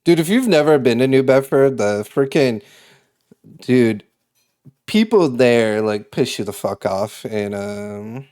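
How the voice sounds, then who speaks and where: A man's voice: mid-range voice, lively intonation, slow, darkish tone. A young man from Massachusetts streaming live, chatting in a rambling, casual way with frequent swearing and laughter. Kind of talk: casual chat on a livestream.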